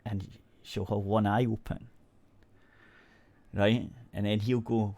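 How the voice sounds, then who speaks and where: A Scottish man hosts an internet radio show, telling a story in loose, rambling casual chat. He swears freely and restarts his sentences often. His voice sits low. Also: steady tone, unhurried, gravelly, warm tone.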